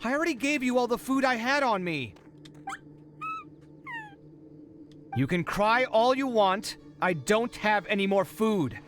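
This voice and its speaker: A man's voice: high voice, lively intonation, moderate pace, a bit bright, a little hiss or hum. An actor playing a weary, put-upon young male architect in a video game, given to sighs and exasperated complaints. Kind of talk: game dub voice acting. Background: faint game music.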